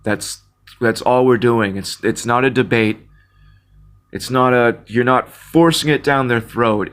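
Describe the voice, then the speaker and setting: A man's voice: medium pitch, a little slow, fairly bright tone, clean tone. A man in an impassioned casual monologue, earnest and near tears, often repeating words and restarting. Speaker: Christian video blogger.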